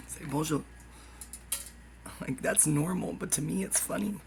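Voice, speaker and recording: Rambling woman with a gravelly voice. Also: sits low, measured pace, long pauses, a little mellow, slight background noise, poor audio. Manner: stream-of-consciousness, jumps between topics, drops into whispered asides. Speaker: YouTuber. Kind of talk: rambling monologue.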